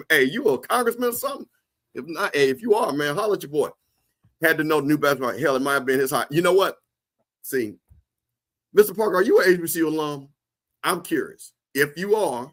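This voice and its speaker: A man hosting a casual livestream, joking and talking straight to his viewers in the chat. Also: medium pitch. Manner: animated, joking, talks to chat. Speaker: livestream host.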